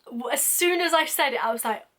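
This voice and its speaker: A young woman telling a funny story to camera in a casual, lively way, acting out what people said. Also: high voice, a little fast. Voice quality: lively, acts out quoted lines with sudden whispers and laughs. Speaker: vlogger.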